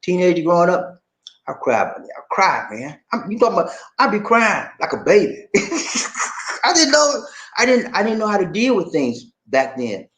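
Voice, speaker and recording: An American man hosts his vlog in a casual, chatty way, his voice sitting a little high and swinging up and down in pitch. He laughs easily, stretches his words and keeps dropping "man" in between them. The room around him rings with echo. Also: normal speed. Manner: animated, laughing, drawling, repeats "man". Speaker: vlogger host reading viewer comments. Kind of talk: casual chat. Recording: echoey room.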